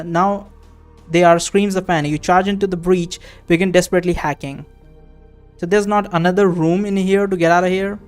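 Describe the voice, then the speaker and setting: A man with a fairly high, smooth voice reads a fantasy text game aloud in a let's-play. Between passages he breaks off into relaxed, offhand commentary, musing aloud and cursing now and then. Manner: casual, muses aloud and swears offhandedly. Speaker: game streamer.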